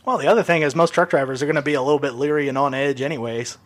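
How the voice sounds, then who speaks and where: A man's voice: medium pitch, very fast, a little hiss or hum. A man chatting casually on a podcast, laughing often and adding dry wisecracks.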